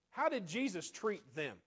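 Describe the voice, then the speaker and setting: A man preaching a sermon in a conversational way, asking the congregation rhetorical questions and often dropping to quiet asides. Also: sits high, slightly rough.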